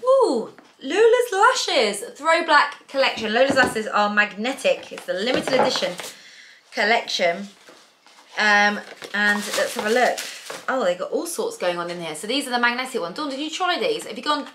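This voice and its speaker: A woman's voice: mid-range voice, lively intonation, moderate pace, background noise. A British woman in her thirties, chatting playfully as she unboxes beauty products. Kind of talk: casual chat.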